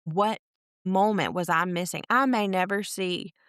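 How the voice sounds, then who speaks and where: Woman, podcast co-host; earnest storyteller, lowish smooth voice, dry close mic. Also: unhurried, a bit bright, dry recording. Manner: earnest, acts out quotes of others. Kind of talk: storytelling in casual faith chat.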